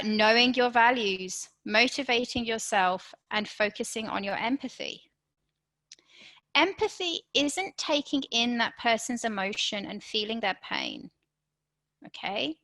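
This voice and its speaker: On a poorly recorded live online workshop, a woman presents in a fairly high, pushed and bright voice, taking her time. She encourages her audience and speaks straight to them, frequently checking in with "okay?"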